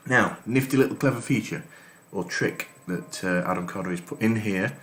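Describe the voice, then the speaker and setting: Guy hosting a let's play, lowish voice, chatty, reads the game text out loud, roomy echo. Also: normal speed. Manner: reads game text aloud between comments. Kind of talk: casual let's-play commentary. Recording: echoey room with faint noise.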